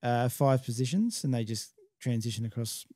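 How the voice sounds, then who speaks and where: Male podcast regular, warm tone, dry sound, talks through technical details. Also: medium pitch, normal speed, dry recording. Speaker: match director. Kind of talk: casual podcast chat.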